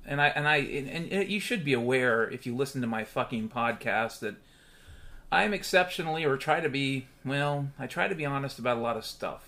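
A man's voice: medium pitch, sharp tone. A man hosting his own podcast in a candid, rambling monologue with frequent swearing. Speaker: podcast host.

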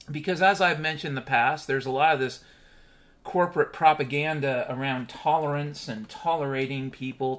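A man's voice: mid-range voice, fairly bright tone. A man hosting his own podcast in a candid, rambling monologue with frequent swearing. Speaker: podcast host.

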